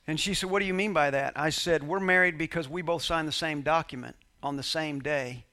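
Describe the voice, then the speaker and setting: Guy preaching in church, bright voice, kinda high, telling a story and quoting people, jokes around. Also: a little fast. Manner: conversational preacher, quoting dialogue, laughing with congregation. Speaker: pastor. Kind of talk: sermon storytelling.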